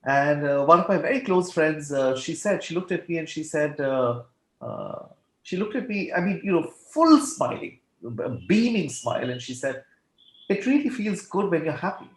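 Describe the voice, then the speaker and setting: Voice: mid-range voice, very animated, moderate pace, roomy sound, rough recording. A facilitator thoughtfully summarizing what others said in a group conversation over a video call. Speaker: discussion facilitator.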